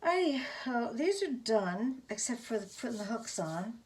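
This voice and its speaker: A woman hosting a casual craft tutorial, gushing over her finished pieces with soft exclamations. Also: on the high side, very animated, measured pace, breathy edge.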